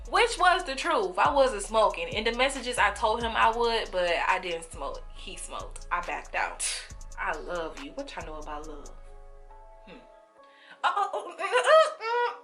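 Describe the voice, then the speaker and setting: Young woman doing a storytime, acts out everybody's voices, bright voice. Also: mid-range voice, unhurried, soft background music. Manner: animated, acts out quoted voices, talks straight to viewers. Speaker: storytime vlogger. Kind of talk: casual storytelling to camera.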